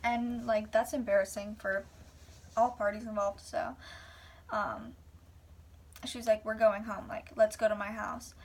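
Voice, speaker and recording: A woman's voice: mid-range voice, little pitch movement, a little slow, pauses often, distant mic. A young woman vlogger rambling casually through a personal story, full of "like"s and whispered asides.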